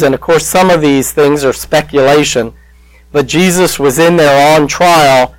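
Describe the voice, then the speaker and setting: Man preaching a sermon, slow and emotional with dramatic pauses; dry, close mic. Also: mid-range voice, dry recording, rough recording.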